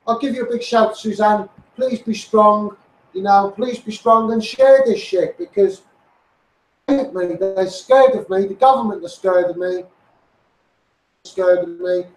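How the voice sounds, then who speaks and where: A man's voice: high voice, measured pace, roomy sound, distant mic, poor audio. Ranting man with a Scouse-Essex accent. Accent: Scouse mixed with Essex. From England. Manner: ranting, greets viewers by name, repeats himself. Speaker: campaigner live-streaming to followers. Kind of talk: impassioned live-stream rant.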